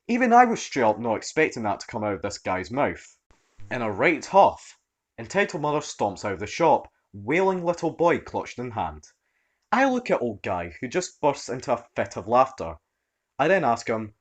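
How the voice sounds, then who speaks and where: A man narrating online stories with a mid-pitched voice that moves with lively, wide swings. His delivery is expressive and animated. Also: moderate pace. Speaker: story narrator.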